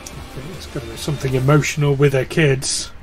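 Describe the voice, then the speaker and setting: A man's voice: mid-range voice, steady tone, fast, faint music behind. A man playing a tabletop role-playing game, chatting casually and joking with the others. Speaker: player.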